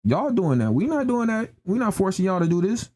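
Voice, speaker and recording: This young man's voice is high, very animated, fairly quick, and a little mellow. He's ranting on a live stream in emphatic slang, hammering the same points and repeatedly asking "you know what I'm saying."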